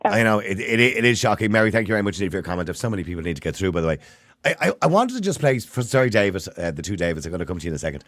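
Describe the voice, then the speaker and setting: An Irish man hosts a phone-in show in a lively, swooping voice that sits on the low side. He questions and challenges his callers, and the studio sound is close and dry. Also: very fast, no room sound. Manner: lively, pushes back on callers. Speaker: radio phone-in host.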